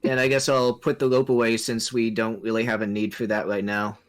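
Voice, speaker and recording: A man's voice: fairly low pitch, level tone, a little fast. A man playing a tabletop game, eager and practical in his suggestions. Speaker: player. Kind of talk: casual tabletop game play.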